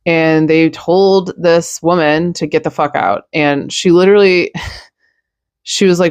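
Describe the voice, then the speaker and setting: Young woman, low-ish voice, tired and blunt, swearing through a podcast rant, dry close mic. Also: steady tone, a little slow, darkish tone, clean tone, dry recording. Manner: blunt, ranting, profane. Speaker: news podcast host. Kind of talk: casual opinion monologue.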